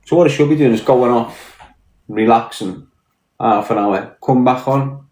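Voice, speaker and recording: A man's voice: mid-range voice, a little slow, a little mellow. Blunt, confrontational Scouse man. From Liverpool, England. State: mentally tired. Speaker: live streamer. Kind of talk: casual livestream rant. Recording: roomy echo.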